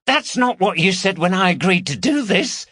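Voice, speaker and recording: Brief: male narrator putting on a shrill, anxious woman, high and husky, storybook audiobook. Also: very animated, moderate pace, a bit bright, dry recording, clean studio sound, exaggerated voice. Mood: anxious, scolding. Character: nervous, sharp-tongued woman burglar.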